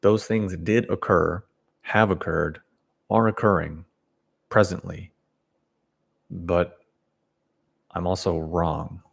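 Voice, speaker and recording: Low gravelly guy ranting casually about self-help, blunt, lots of restarts. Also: fairly even intonation, slow pace, pauses often. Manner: blunt, opinionated, rambling with restarts and chuckles. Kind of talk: casual opinion monologue to camera.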